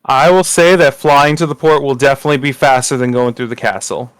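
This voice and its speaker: A man running a tabletop game as game master, measured and hesitant with fillers. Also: mid-range voice, clear, resonant tone, no echo, rough recording.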